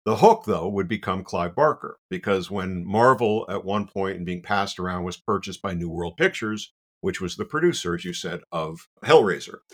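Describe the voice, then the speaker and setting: A guest on the show, this man tells an anecdote casually and with animation, in a low voice at a moderate pace. He throws in self-deprecating asides and says "you know" a lot.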